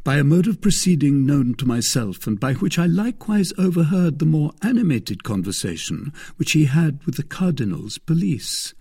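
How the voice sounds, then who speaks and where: A man's voice: a little high, big pitch swings, normal speed, few pauses, mellow, husky, pitched above the performer's own voice, heavily acted. A man doing an ardent young gallant. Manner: passionate, declaiming, earnest. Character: bold, ardent young male suitor, gallant.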